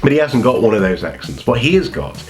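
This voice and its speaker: A man's voice: medium pitch, sing-song, fast talker, soft background music. A man with a cold telling meandering, casual stories from his childhood, often breaking off to correct himself. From North Wales. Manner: meandering, self-correcting, chatty. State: has a cold. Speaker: vlogger. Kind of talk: casual storytelling.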